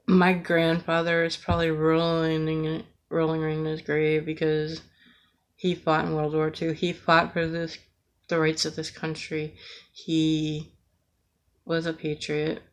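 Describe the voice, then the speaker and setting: An American woman rants earnestly in a slow, unhurried delivery, her pitch staying flat and even. She sounds emotional, close to tears, and stumbles through fillers and restarts. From United States. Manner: earnest, impassioned, with hesitant fillers. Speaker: vlogger. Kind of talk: emotional political rant.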